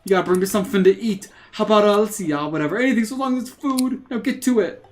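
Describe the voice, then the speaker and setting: A man's voice: high voice, very fast, a little mellow, natural voice. Bossy hungry dockworker, read by a man, near-natural voice over faint game music.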